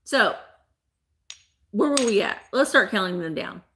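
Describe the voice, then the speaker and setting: A woman's voice: medium pitch, animated, measured pace, fairly bright tone, slight background noise. A woman hosting a live online sale, chatting playfully with viewers by name and laughing often. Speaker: live-sale host selling vintage items. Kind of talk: casual live-stream auction chat.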